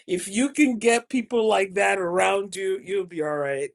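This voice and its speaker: A woman's voice: mid-range voice, a little slow, creaky. A woman hosting a casual motivational talk, laughing often and repeating phrases for emphasis. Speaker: host, spiritual advice speaker.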